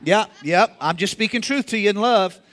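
A man preaching a sermon in a conversational way, rising to shouts and acting out the people in the story. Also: high-pitched, normal speed, slight background noise. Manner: acts out quoted characters in the story. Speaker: pastor.

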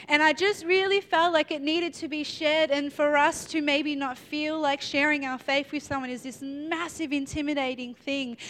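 A woman's voice: high voice, fairly bright tone, slight background noise. A young woman in her twenties giving a sermon, telling a personal story in a chatty way with many fillers and asides. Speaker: preacher.

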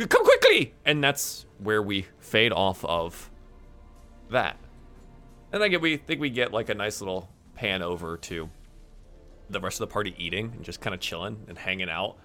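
A man narrating a tabletop game as game master, playful and animated. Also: fairly low pitch.

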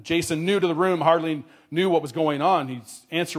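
A man telling a story in a sermon, earnest, dropping his voice quietly at tender moments. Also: on the high side, moderate pace.

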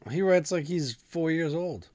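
A woman's voice: low voice, unhurried. A woman joining a casual chat with blunt, short jokes. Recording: loud background noise.

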